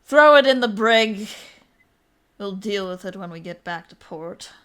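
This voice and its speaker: A woman voicing a gruff male pirate captain who talks in a low, dismissive mutter. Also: lively intonation, a little slow, a bit bright.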